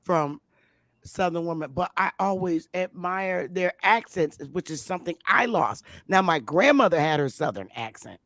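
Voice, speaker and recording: A woman hosting a casual talk show, talking in an animated, emphatic way. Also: fairly low pitch, moderate pace, no room sound, studio quality. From Connecticut, US. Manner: animated, emphatic, exclaims loudly. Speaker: host.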